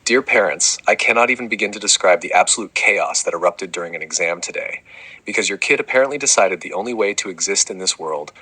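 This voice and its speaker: A man's voice: low-pitched, fast talker, bright, forceful tone, breathy edge, poor audio. A man narrating comic letters to parents as a fed-up school principal, exasperated, dramatic and swearing often. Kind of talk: comedic scripted narration.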